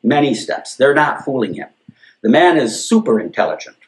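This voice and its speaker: Animated, emphatic male podcast co-host. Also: mid-range voice, moderate pace. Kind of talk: casual political chat.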